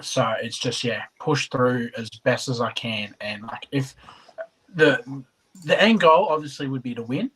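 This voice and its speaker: A man's voice: medium pitch, unhurried, fairly bright tone, slightly rough, rough recording. A man giving earnest interview answers, full of stumbling restarts. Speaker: competitor.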